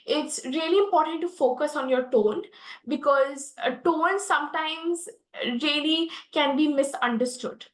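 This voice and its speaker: Young indian woman explaining public speaking, pretty high voice, lots of uh and restarts, echoey room. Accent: Indian English. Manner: earnest, many fillers and restarts. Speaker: guest expert speaker. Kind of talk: online lesson on public speaking.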